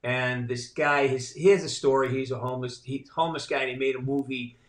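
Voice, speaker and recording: Here a middle-aged voice actor speaks as a podcast guest in a steady, mid-range voice at a fairly quick clip. The casual conversation echoes roomily, and he's a blunt storyteller who swears freely.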